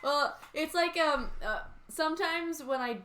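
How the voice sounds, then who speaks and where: A woman's voice: sits high, bright, forceful tone. A woman from the United States chatting casually among friends. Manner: chatty, quick to laugh. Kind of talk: casual chat.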